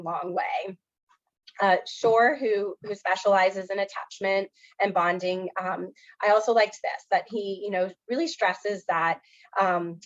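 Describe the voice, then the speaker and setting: A woman's voice: mid-range voice, muffled recording. A woman counselor giving an educational presentation, speaking earnestly, with frequent fillers such as "um" and "you know".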